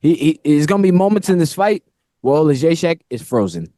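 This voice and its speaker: A man's voice: fairly high pitch, fairly quick, dry recording, studio quality. A man co-hosting a casual fight-picks podcast, joking and swearing freely. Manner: animated, joking, swears a lot. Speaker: podcast co-host. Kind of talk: casual chat.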